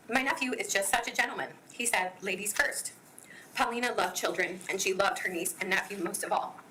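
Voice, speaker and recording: A woman giving a victim impact statement in court, reading her prepared statement in an earnest, measured way. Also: mid-range voice, pushed and bright, slight background noise, low-quality recording.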